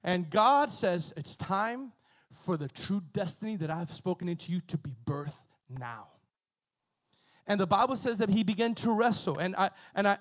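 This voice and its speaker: High-voiced man preaching with animated repetition. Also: moderate pace. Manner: animated, conversational preaching with many repetitions and asides. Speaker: pastor. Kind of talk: sermon.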